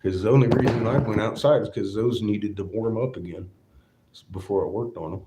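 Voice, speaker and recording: Streaming live from his glassblowing workshop, a man with a lowish voice talks fairly quickly over background noise. His chat is casual and rambling, peppered with frequent laughter and free swearing.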